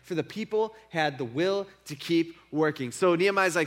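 A man's voice: a little high, lively intonation, normal speed, few pauses, fairly bright tone. A male pastor preaching to men in a conversational, emphatic way, with frequent repetition and asides. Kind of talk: sermon.

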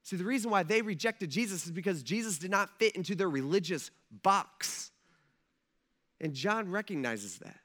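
A man preaching with a high, bright voice. He talks casually and animatedly, peppering his points with "like" and "man". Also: normal speed. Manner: conversational, animated, full of "like" and "man". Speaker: pastor. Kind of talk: sermon.

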